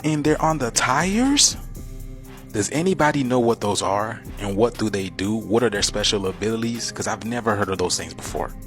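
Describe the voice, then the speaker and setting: A man with a lower voice narrates a clip and keeps throwing questions at his viewers. Faint music plays behind him. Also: expressive, moderate pace, fairly bright tone. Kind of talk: social media commentary.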